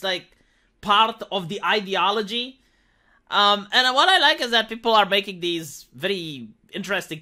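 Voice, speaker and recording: Sharp and high-pitched, this male commentary channel host delivers a sarcastic, opinionated rant. He leans on the word "like" constantly as he goes.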